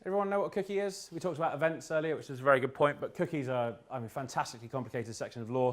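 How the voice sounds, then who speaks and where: Male speaker for a live talk, wry, jokey, quick asides, mid-pitched. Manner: joking, quick asides, restarts. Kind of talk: humorous presentation. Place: event room with an audience.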